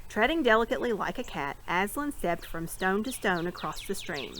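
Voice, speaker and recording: A woman reading a novel aloud with expressive storytelling. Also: medium pitch, normal speed, slight background noise, rough recording. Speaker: reader.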